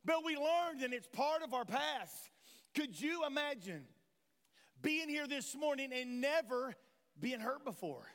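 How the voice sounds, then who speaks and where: A male pastor from delivers an impassioned sermon in a strikingly high voice. He keeps pulling the congregation in with questions. The sound rings out with a long church-hall reverb. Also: big pitch swings, measured pace, fairly bright tone. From Tennessee, USA. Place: church sanctuary.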